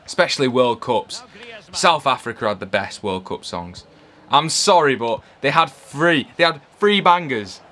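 An English man chatting casually while playing a football video game, yelling player names and cracking jokes. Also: mid-range voice, a little slow. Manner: excitable, yells player names, chatty banter. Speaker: gaming video host.

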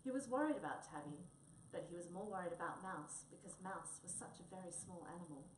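A woman's voice: fairly low pitch, a little fast, a little hiss or hum. A woman reading a children's story aloud, recorded in a roomy space from a distance. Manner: expressive storytelling. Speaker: reader. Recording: roomy, distant mic, faint ambience.

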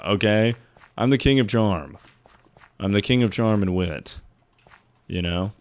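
Long pauses punctuate this man's measured, fairly low-pitched speech. He's live streaming and chatting loosely with viewers, rambling, cracking jokes, and swearing freely.

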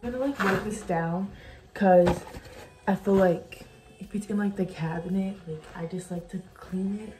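This young vlogger speaks at a moderate pace with medium pitch as she films herself cooking at home in the kitchen. She rambles casually, dropping "like" constantly. Background music plays under her voice, along with background noise.

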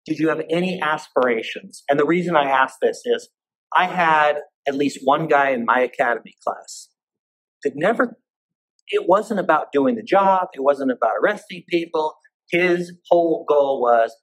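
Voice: mid-range voice, expressive, normal speed, poor audio. A podcast host who is a former agent, asking long, winding interview questions in a conversational way.

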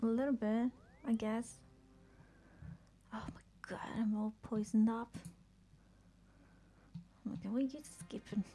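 Excitable gravelly woman streaming a game. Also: a little high, measured pace, pauses often, soft background music. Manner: excitable, swears often, laughs, trails off. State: sick with a headache. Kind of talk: live gameplay commentary.

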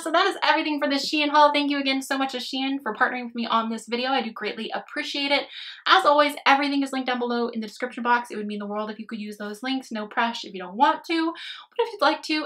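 A bubbly young woman talks straight to her camera while trying on clothes, her voice sitting a little high. She keeps things loose and chatty, laughing easily and calling her viewers loves. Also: sharp tone. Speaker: fashion vlogger. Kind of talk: casual try-on haul chat.

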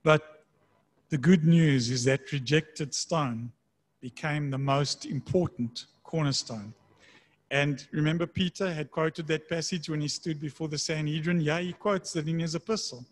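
Pastor guy preaching, kinda husky, reads the verses slow. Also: a little high. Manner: conversational preaching, slowing for scripture readings. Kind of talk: sermon.

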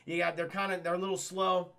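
A man's voice: high voice, level tone, quick pace, gravelly, fairly bright tone. A man giving a rambling, crude scene-by-scene film recap live, constantly addressing his chat. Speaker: livestream film reviewer.

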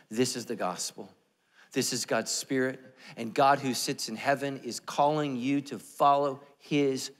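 A man preaching a sermon as pastor, in a humorous, self-deprecating, conversational way. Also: mid-range voice. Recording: echoey church hall.

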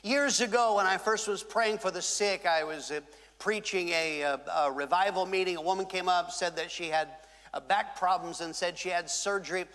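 A man pastor preaching a sermon, with dramatic pauses and acted-out quotes. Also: high voice, a bit bright. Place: large church hall. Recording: reverberant church hall.

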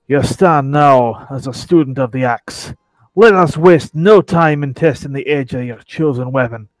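A man putting on a gruff pirate guild master. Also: mid-range voice, measured pace, a little mellow, no room sound, lightly acted. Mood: stern. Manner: mock pirate growl, rolling declamation.

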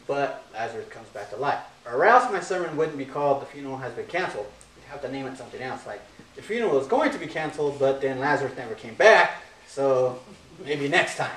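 Pastor, male, easygoing conversational sermon delivery, joking asides, roomy hall sound, mic at a distance. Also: a little high. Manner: casual, conversational preaching with jokes and asides.

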